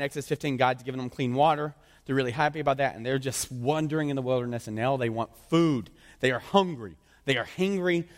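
Joking pastor preaching in a big hall. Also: male voice, medium pitch. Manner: casual, joking, conversational preaching. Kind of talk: sermon. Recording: long reverb of a large hall.

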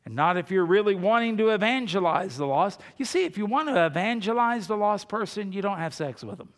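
A man preaching a sermon as pastor, moving between emphatic rises and quiet conversational asides. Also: sits high, animated, fairly quick, in a large hall.

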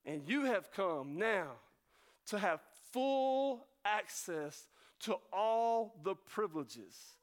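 A high-pitched man preaches to his congregation. He rushes with excitement, then slows right down to drive each point home. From North Carolina. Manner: fast-talking, excitable preaching with sudden slow emphasis. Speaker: pastor. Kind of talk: sermon.

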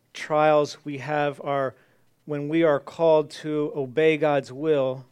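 Male pastor, sermon delivery, clear resonant tone, a little high. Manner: earnest, reads scripture aloud then repeats it.

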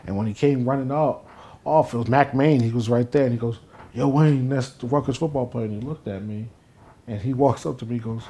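A young man from New Jersey, a guest in an interview, telling stories casually and acting out the quotes with rising excitement. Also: mid-range voice, brisk. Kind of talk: casual storytelling.

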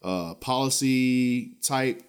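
Male podcast host, mid-pitched, blunt and profane, animated rambling rants with chuckles. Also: takes it slowly, clear, resonant tone. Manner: loose, rambling delivery with many restarts and fillers. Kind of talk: casual ranting podcast commentary.

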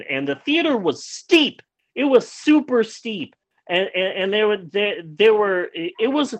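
Casual male storyteller, highish voice, animated and loose, repeats words, swears, slightly muffled lo-fi sound. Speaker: guest telling a personal story. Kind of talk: casual anecdote.

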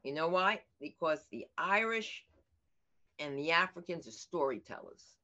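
A woman's voice: low voice, lively intonation, a little slow, sharp tone. An older woman comedian chatting in an interview, telling stories animatedly and acting out the voices of people she quotes. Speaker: comedian guest. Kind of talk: casual interview chat. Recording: dull lo-fi audio.

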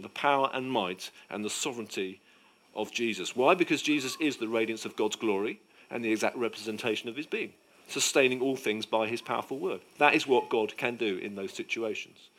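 In his sermon, a man with a mid-range voice preaches emphatically, alternating loud proclamations with quiet, hushed passages.

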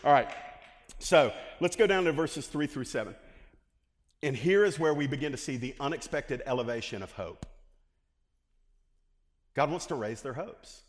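Casting note: pastor, male, mid-pitched voice, animated preaching with long hall reverb. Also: normal speed, long pauses. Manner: lively preaching, asks the congregation questions. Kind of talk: sermon. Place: church hall.

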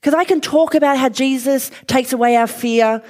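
A woman's voice: high-pitched, normal speed, darkish tone. A woman preaching a sermon, conversational, telling a personal story with fillers and light laughs. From outside Western Australia.

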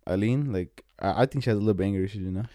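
Young dude chiming in fast, slangy, mellow voice, dry room. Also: male voice, fairly low pitch, no echo. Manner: slangy, laughing along, quick interjections. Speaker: podcast co-host. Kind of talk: casual chat.

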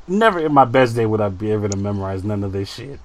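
A man in a casual group chat about collectible figures, enthusiastic and quick to laugh. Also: lowish voice, expressive, over a noisy crowd.

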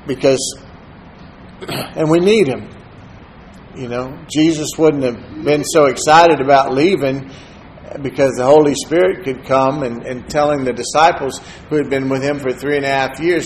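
A preacher, giving a sermon in a relaxed, conversational storytelling manner and dropping into soft-spoken asides. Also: male voice, medium pitch, normal speed, slight background noise, low-quality recording. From Texas, USA.

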